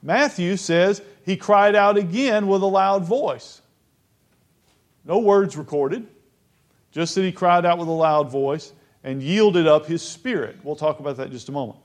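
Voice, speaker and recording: A man preaching a Bible lesson who reads verses aloud, stresses key phrases slowly and asks his listeners questions. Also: high voice.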